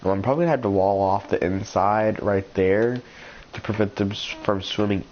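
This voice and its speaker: A congested, slightly rough man with a very low voice rambles through gameplay commentary, restarting sentences and filling pauses with ums. The recording is a little dull and lo-fi, with faint noise underneath. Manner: rambling, thinks aloud with many ums and restarts. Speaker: gaming channel host.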